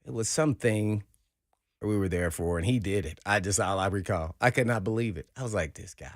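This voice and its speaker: A man co-hosting sports talk radio, telling an animated story and acting out the quotes. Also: lowish voice, fairly quick, dry recording, studio quality. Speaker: sports radio co-host, former player.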